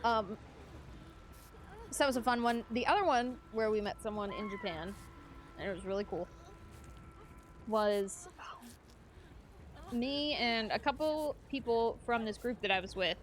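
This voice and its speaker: Woman, streamer, chatty storyteller, slightly high voice, a faint hiss underneath. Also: expressive, unhurried, long pauses. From United States. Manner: chatty storyteller, bursts of laughter. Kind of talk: casual chat while gaming.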